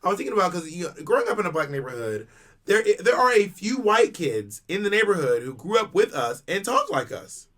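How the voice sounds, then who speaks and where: A man's voice: high voice, sing-song, a little fast, fairly bright tone. A man co-hosting a podcast, chatting casually, musing aloud and asking questions. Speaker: podcast co-host. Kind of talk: casual chat.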